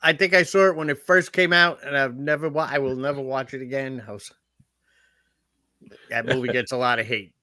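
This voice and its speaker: A man's voice: medium pitch, steady tone, brisk, pushed and bright. A man talking as a guest in a casual movie review podcast, giving emphatic, blunt opinions.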